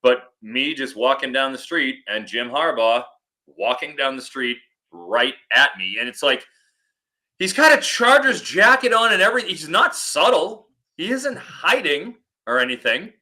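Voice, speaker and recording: A man with a bright, forward voice, chatting casually on a football podcast. He spins animated, rambling anecdotes, restarting sentences as he goes. His pitch sits in an ordinary middle range. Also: measured pace.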